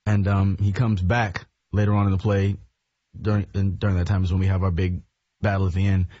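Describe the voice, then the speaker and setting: A man, a stage actor, describing his work in a radio interview in an earnest, measured way. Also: low voice, level tone, dark tone, no echo. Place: radio studio. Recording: dull lo-fi radio broadcast audio.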